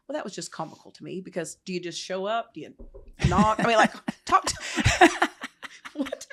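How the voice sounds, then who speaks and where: A woman's voice: mid-range voice, fast. A middle-aged woman, a nonprofit founder telling her story in an interview with emphatic energy. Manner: animated, acts out quotes, emphatic.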